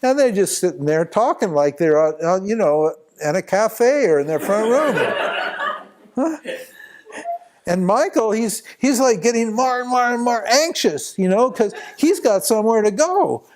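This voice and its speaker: A man with a high-pitched voice takes his time telling a lengthy story during a retreat talk. He's teaching, and the tale wanders, lively and punctuated by chuckles and frequent restarts.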